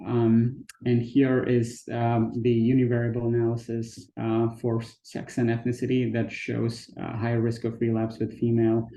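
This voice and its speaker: A man giving an academic research presentation at a conference, pausing often on fillers and restarting phrases. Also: mid-range voice, gravelly, warm tone, echoey room, rough recording. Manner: hesitant, frequent fillers and restarts. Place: conference talk, recorded remotely.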